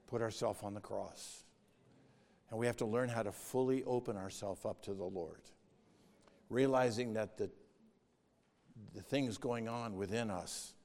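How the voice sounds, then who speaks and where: Slow-speaking man preaching in a hall. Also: fairly low pitch, vocal fry, darkish tone. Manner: measured, reads outline points and scripture, grows emphatic. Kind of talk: sermon. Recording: long reverb of a hall.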